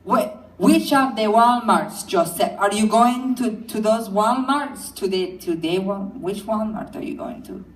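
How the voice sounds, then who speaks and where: A woman's voice: mid-range voice, a little slow, hardly any pauses, close to an everyday voice. A woman voicing a fretful, overprotective middle-aged mother who speaks in a sing-song, repetitive way, heard from far off in an echoey room.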